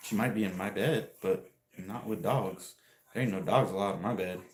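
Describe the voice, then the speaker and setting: A somewhat low-voiced man chats live to his viewers, rambling from one story to the next and laughing often as he reads out and teases their messages. The sound bounces around an echoey room, as if he were streaming from his garage. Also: normal speed. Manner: rambling and chatty, laughs often, talks back to chat. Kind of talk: casual livestream chat, reading viewer messages.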